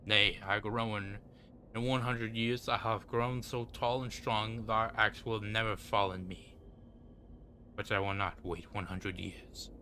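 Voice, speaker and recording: A man voicing a slow-spoken talking tree in a video game, drawing out its archaic words. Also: lowish voice, fairly even intonation, bright, forceful tone, a little hiss or hum. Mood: defiant.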